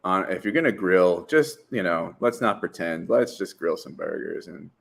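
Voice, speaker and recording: A man's voice: low-pitched, expressive, moderate pace, gravelly, slightly rough. A man in casual podcast chat who rambles, with many fillers and "right?" tags. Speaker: podcast co-host.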